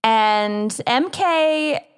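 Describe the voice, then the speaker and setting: A woman's voice: on the high side, expressive, drawn-out words, smooth. A woman with a Minnesotan accent co-hosting a podcast, laughing at herself as she introduces the show. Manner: laughing, self-deprecating. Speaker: podcast co-host. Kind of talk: casual chat.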